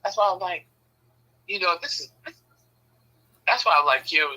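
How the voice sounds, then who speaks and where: A man from Southern California telling personal stories in a casual, animated way, swearing freely and acting out the voices he quotes. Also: sits high, moderate pace, poor audio. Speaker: speaker sharing personal stories. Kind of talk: casual storytelling.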